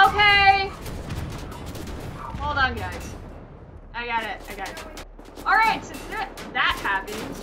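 A young woman playing a video game with a friend, excitable and swearing, shrieking when startled. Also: a little high, background noise. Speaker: gamer, co-host. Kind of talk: let's-play banter.

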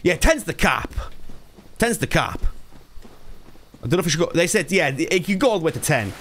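Animated young man streaming a game. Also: a little high, fairly quick. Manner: ranting, swearing, switches between mumbling and loud outbursts. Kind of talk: casual live-stream chat.

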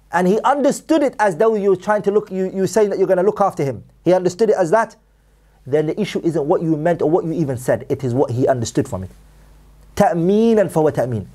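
Fast-talking male Islamic teacher. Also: fairly high pitch, warm tone. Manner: reads Arabic texts rapidly then translates with emphatic repetition. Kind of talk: religious lecture.

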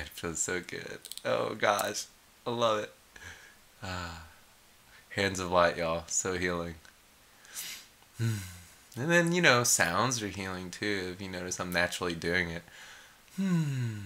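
A man casually leading a heart meditation as an energy healing teacher, laid-back and blissed out, with sighs, hums and soft chuckles. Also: deep voice, a little slow, long pauses.

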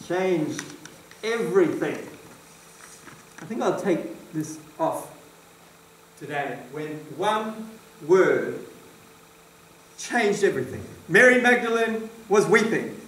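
In a church hall, a male preacher delivers an emphatic sermon, putting questions to his congregation. His voice is high-pitched with a fairly bright tone, and the recording has a distant mic and roomy echo.

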